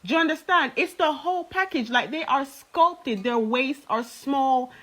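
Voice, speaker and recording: Brash high-voiced woman ranting. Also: expressive, measured pace, fairly bright tone. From Jamaica. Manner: brash, profane, exaggerated comparisons. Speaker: reaction creator. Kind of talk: comedic rant.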